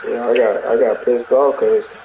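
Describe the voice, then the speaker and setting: A man's voice: mid-range voice, steady tone, normal speed, dark tone, a little hiss or hum. Rambling, profane man in an echoey room. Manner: profane, rambling storyteller with many restarts. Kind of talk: casual chat.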